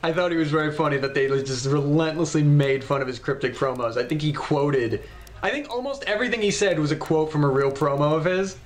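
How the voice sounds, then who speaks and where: A man with a slightly high voice talking as a guest on a podcast. He sounds relaxed and amused, with plenty of fillers. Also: a little fast. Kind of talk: casual podcast chat.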